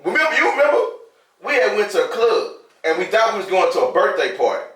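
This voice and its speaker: A man's voice: sits high, very animated, quick pace, fairly bright tone. Joking man telling stories, off-mic. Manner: joking, rambling anecdote teller. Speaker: podcast co-host. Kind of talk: casual group chat. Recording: echoey room, mic at a distance.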